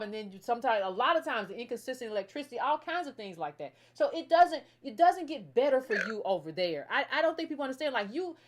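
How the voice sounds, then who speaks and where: An American woman hosting, talking through politics in a casual, animated, emphatic way with many restarts. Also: a little high. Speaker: host.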